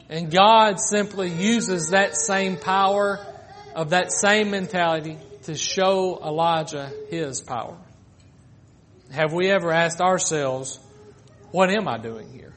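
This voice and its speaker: A man preaching a sermon, moving between raised pleading lines and soft, slowed phrases, with casual asides. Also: on the high side, slight background noise. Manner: swings from loud pleading to hushed, drawn-out phrases.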